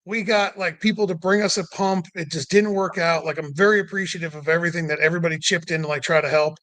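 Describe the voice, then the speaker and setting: A man's voice: a little high, steady tone, quick pace, a bit bright, no echo. A man casually telling a long road trip story, full of "like" and "you know", acting out what people said. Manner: rambling, many "like" and "you know" fillers; acts out quoted people with rising voice.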